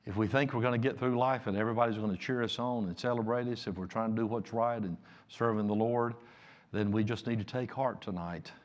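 A man preaching a sermon, slow and emphatic, sometimes dropping to a hushed near-whisper. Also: lowish voice.

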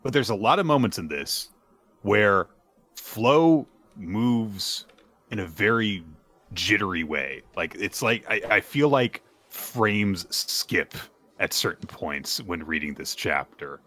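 A man hosting a podcast, retelling a manga chapter in a casual, animated and playful way. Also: fairly low pitch, takes it slowly. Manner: animated, playful, acts out characters. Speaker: podcast host.

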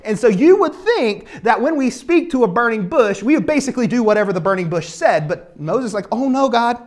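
Male pastor, casual animated sermon delivery, playful character asides. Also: sits high, brisk. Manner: animated storytelling, acts out biblical characters casually.

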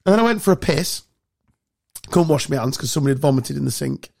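Podcast host, man, higher-pitched, sweary and animated storyteller. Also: fast talker, creaky. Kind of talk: casual chat.

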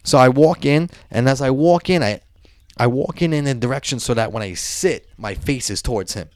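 A man telling a profane, animated story in casual chat. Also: mid-range voice, moderate pace, no echo.

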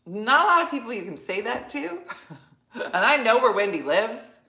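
A woman's voice: on the high side, moderate pace, creaky. A middle-aged woman hosting a casual chat, telling a funny story with frequent laughter and acted-out voices. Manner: animated, laughs often, acts out quoted people. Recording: roomy echo.

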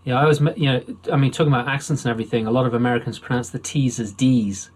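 Friendly interviewer, husky voice, mid pitch, laughs easily, casual chat. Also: fairly even intonation, rapid-fire, a little mellow. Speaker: interviewer, podcast host.

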